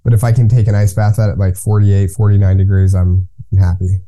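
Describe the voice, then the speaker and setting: Male guest, low mellow voice, calm and instructive. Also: fairly quick. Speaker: guest, cold plunge business owner. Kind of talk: conversational interview.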